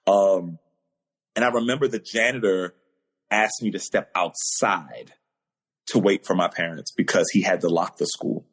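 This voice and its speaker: A man's voice: low voice, husky. A man, a podcast guest on a video call, telling a personal story in an earnest, emotional way that grows in intensity.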